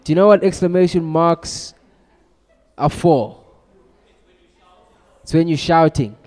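A man's voice: a little high, takes it slowly, a little mellow. A man giving a motivational talk, energetically rallying his audience. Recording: long hall reverb.

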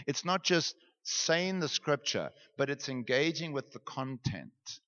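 A man's voice: on the high side, takes it slowly. A young man leads a class through a meditation lesson, joking and chatty as he goes. His voice rings out in a large hall with a long echo, and the recording sounds dull and muffled. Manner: animated, joking, conversational. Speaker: pastor teaching a class.

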